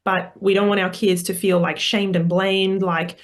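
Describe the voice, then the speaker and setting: A woman's voice: mid-range voice, flat delivery, normal speed. A woman speaking as a parenting coach guest in a podcast interview, earnest and explanatory, with frequent fillers and restarts.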